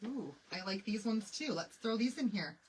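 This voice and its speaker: A woman's voice: mid-range voice, animated, normal speed, a little mellow, husky. A woman with a Michigan accent chatting casually while she crafts, thinking aloud and laughing often. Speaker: craft vlogger. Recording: distant mic with faint background noise.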